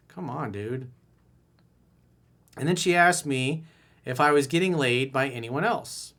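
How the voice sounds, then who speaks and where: A man's voice: medium pitch, moderate pace, a bit bright. A man coaching on dating, reading a viewer's email and replying bluntly and candidly with casual swearing.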